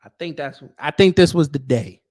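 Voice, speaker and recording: A man's voice: on the high side, moderate pace, darkish tone. A man hosting a casual reaction show, giving slangy, laid-back running commentary on clips.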